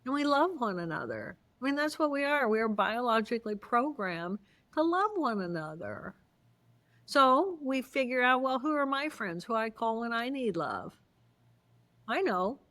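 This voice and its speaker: A woman's voice: a little high, normal speed. A woman, a guest expert, telling stories in an interview and playfully acting out the voices of people in them. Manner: acts out voices, playful, expressive. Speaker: guest neuroanatomist. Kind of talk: animated interview storytelling.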